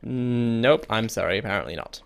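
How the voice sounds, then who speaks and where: A man's voice: medium pitch, animated, normal speed, creaky. Man reading a game aloud, chuckling and puzzled. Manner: reads game text aloud, chuckles, easily confused, casually profane. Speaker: let's play gamer. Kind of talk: casual gameplay commentary.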